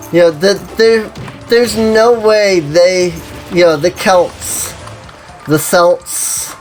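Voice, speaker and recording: Slow, rambling streamer full of "you know". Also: medium pitch. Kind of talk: casual chat while playing an online game.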